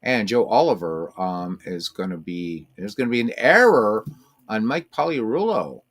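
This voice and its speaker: A man with an expressive voice and moderate pace calls a tabletop baseball game in casual, mock-announcer play-by-play. Now and then he talks to his cats in a high, cooing voice.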